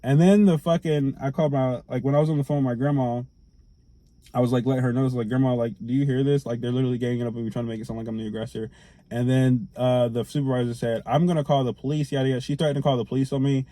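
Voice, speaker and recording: A young man telling a storytime to camera, animated and slangy, swearing as he retells. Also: medium pitch, fast talker, no echo.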